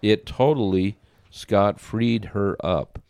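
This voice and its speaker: A man with a low, gravelly voice tells a personal story earnestly, often restarting his sentences. The sound is dry and close. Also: slow, a little mellow, dry recording. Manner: storytelling, earnest, repeats words when starting sentences. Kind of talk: casual faith discussion.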